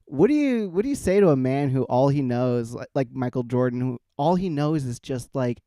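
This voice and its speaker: Mellow, smooth-voiced man chatting casually. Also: mid-range voice, expressive, normal speed, no echo. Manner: laughing often, rambling with many fillers. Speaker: podcast host. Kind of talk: casual chat.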